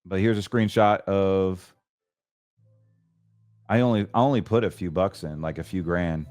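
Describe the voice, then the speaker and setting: A man hosting a financial talk show, chatting casually and excitably about trades, often stumbling and restarting his sentences. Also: sits low, unhurried, dry recording. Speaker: host.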